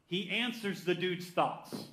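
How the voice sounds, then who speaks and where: A man preaching a sermon with energy, who reads scripture slowly and calls out to the congregation for answers. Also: sits high, sharp tone, reverberant. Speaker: pastor.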